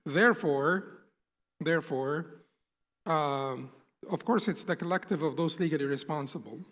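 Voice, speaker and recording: A man teaching a class in a patient, explanatory way, rephrasing his terms and asking questions to the room. His voice sits a little on the high side. The recording carries the long reverb of a lecture hall. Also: fairly bright tone. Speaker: instructor.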